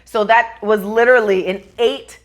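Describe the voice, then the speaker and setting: A woman's voice: fairly high pitch, fairly even intonation, moderate pace. Tearful woman vlogger talking to camera. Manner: earnest, near tears, swears casually. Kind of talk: emotional talk to camera.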